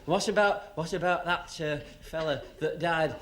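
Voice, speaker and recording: A man's voice: fairly high pitch, unhurried, fairly bright tone. A man telling a stand-up joke in a hesitant, stumbling way. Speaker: stand-up comedian. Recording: hissy old TV recording.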